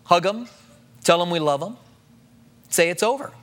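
A man's voice: high voice, lively intonation, normal speed, a bit bright. A middle-aged man preaching a sermon in a conversational way, acting out the voices of the people he quotes. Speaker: pastor.

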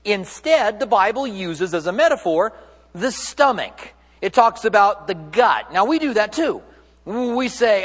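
A man with a notably high voice preaches a sermon, his words trailing off into a long church reverb. He keeps it conversational and light, tossing in jokes and restarting sentences as he goes. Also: very animated, measured pace, husky. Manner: conversational, joking preaching with self-corrections. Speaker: pastor.

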